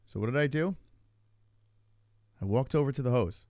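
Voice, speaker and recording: Animated man telling stories on his show. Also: mid-range voice, normal speed, pauses often, dry recording, clean studio sound. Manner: animated, swears freely, loose rambling retelling. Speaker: podcast host. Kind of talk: casual storytelling chat.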